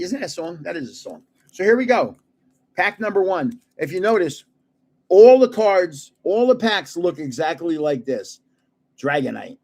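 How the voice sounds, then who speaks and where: A man's voice: high-pitched, big pitch swings, moderate pace, a little mellow. An older man hosting a livestream, chatting casually and chuckling at himself as he guesses card names. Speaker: card-collecting livestream host. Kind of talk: casual live chat while opening card packs.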